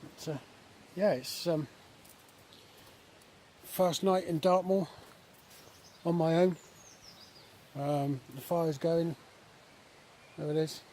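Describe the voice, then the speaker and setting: A man talking casually in a relaxed, chatty way with many fillers, filming a vlog at a woodland camp outdoors. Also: on the high side. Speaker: vlogger. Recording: outdoor recording with faint nature noise.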